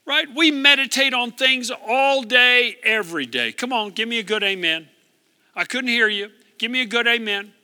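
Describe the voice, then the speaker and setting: A man's voice: very high-pitched, lively intonation, moderate pace, sharp tone, clear, resonant tone. Older man preaching in an echoey hall. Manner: call-and-response preaching, asks for amens. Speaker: pastor. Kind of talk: sermon. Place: church hall.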